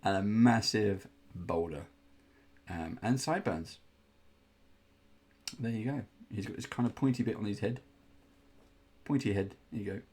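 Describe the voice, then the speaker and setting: A man's voice: fairly low pitch, unhurried, long pauses, a little mellow, slightly rough. A man hosting a casual unboxing indoors, chatty and rambling, with playful groans of disgust. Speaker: host unboxing miniatures.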